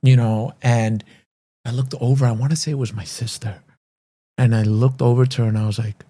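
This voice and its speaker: A man hosting a casual interview, talking in a halting way with frequent restarts and "you know" fillers. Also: medium pitch, steady tone, mellow. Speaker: host and martial arts school owner.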